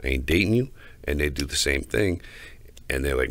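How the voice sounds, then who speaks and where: A man's voice: extremely low pitch, lively intonation, normal speed, long pauses, a bit bright. A man hosting a podcast, talking in a crude, swaggering, heated casual rant. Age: adult, older than co-host. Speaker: podcast host.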